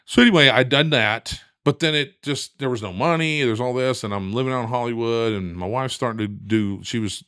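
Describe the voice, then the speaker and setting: A middle-aged man telling a long story in a lively, casual way, acting out the voices of the people in it. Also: medium pitch, fairly quick, few pauses, smooth, no room sound, clean studio sound. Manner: animated, acts out quoted voices. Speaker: guest.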